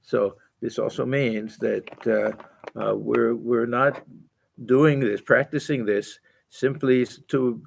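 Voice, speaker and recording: A man teaching a spiritual scripture class in a gentle, halting way with many restarts. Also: mid-range voice, fairly even intonation, creaky, husky. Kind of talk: spiritual lecture.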